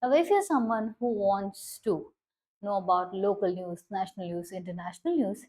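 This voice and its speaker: A woman's voice: mid-range voice, moderate pace, darkish tone, low-quality recording. A woman explaining current affairs as a teacher, stressing key words and often checking if listeners follow.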